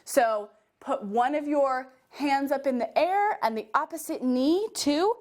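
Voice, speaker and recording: High, animated woman leading kids. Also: a little slow. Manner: animated, coaxing, sing-song instructions. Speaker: children's theater teacher. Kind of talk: guided movement storytelling for kids.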